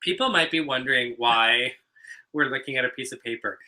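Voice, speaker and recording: A man's voice: mid-range voice, fairly quick, pushed and bright. A man co-hosting a casual drag show review, chatting in a campy, playful, teasing way. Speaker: drag queen co-host. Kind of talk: casual chat.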